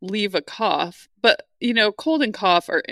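A young woman co-hosts a podcast, talking in a relaxed, conversational way and laughing easily. Her pitch is in the middle range. The recording is dry and close-miked. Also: a little slow, dry recording. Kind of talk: casual chat.

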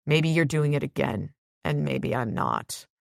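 A woman's voice: sits low, sing-song, a little slow, creaky, dry recording, studio quality, exaggerated voice. A woman voicing a blunt, stubborn male wizard detective in a read-aloud story, confrontational in manner.

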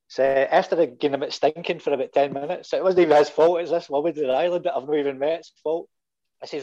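Middle-aged Scottish guest, lively yarn-spinner, mid pitch, muffled audio. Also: male voice, a little fast. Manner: animated anecdotes with swearing and voiced quotes. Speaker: guest fan. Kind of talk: casual storytelling.

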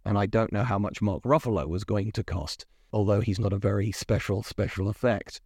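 A man's voice: lowish voice, fairly even intonation, brisk, darkish tone, breathy edge, no room sound, clean studio sound. A man hosting a podcast, giving a chatty, opinionated spoken review full of rhetorical questions. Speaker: podcast host reviewing a series.

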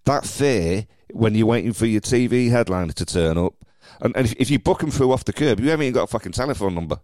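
A man hosting a podcast, telling stories in a lively, casual way with stammered restarts. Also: medium pitch, fast talker, dry recording, studio quality. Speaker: podcast host.

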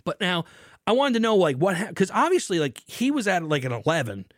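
A man hosting a casual show, telling a story in an animated way with lots of swearing, then talking about beer hops. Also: high voice, brisk, dry recording, studio quality. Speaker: podcast host.

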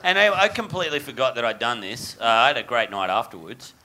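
A man's voice: medium pitch, big pitch swings, quick pace, pushed and bright. A man, a comedian guest, telling a rambling story on a live podcast, with laughs and restarts.

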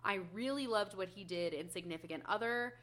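Woman, podcast co-host, bright sharp tone, chatty and casual with filler ums. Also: medium pitch, fairly quick. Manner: chatty, upbeat, frequent ums. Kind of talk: casual chat.

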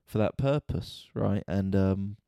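A podcast host and stand-up comedian tells his story slowly in a casual, profanity-heavy monologue, sounding exasperated and animated. His fairly low, soft, mellow voice has vocal fry and a clean tone. It is recorded close and dry, with no room sound.

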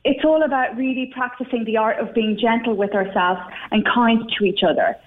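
A woman speaking as a guest expert, upbeat and advising. Her voice is fairly high and comes through a thin, tinny phone line. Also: fairly even intonation, fairly quick. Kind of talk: advice interview.

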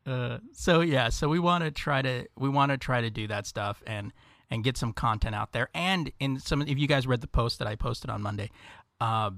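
A man's voice: medium pitch, normal speed, fairly bright tone, no room sound. Easygoing laughing podcast man. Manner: laughs often, easygoing, rambling. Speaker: podcast co-host. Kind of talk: casual chat. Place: at home.

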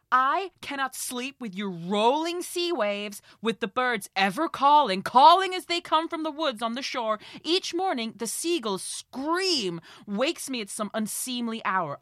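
A proud giantess snaps back at her husband with loud defiance, as a woman puts her on. The voice rides high and sounds bright and sharp. The sound is dry. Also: lively intonation, measured pace, no room sound. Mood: defiant.

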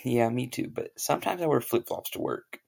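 A casual, easygoing American guy who speaks in relaxed slang, played by a man in a comedy skit. The voice is mid-pitched with a gravelly texture. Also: fairly quick, heavily acted. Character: laid-back American guy, software engineer.

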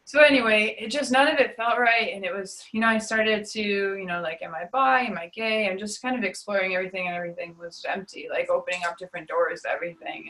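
A young woman giving an emotional personal testimony in an interview, confessional and full of fillers, her voice sinking to a hush on the painful parts. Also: mid-range voice, poor audio. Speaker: guest sharing testimony.

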